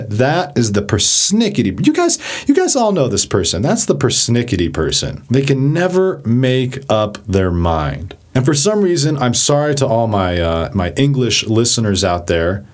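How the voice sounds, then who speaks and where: A man talks through a vocabulary lesson in a casual, chatty way. His voice is lively, with pitch that swings widely as he explains. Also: moderate pace, few pauses. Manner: animated, chatty, acts out examples. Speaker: vocabulary teacher.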